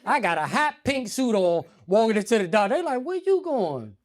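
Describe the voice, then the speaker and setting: A man's voice: high voice, fairly quick. A man doing stand-up storytelling on a comedy stage, acting out quotes in a raised voice. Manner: animated, acts out quotes in raised voice.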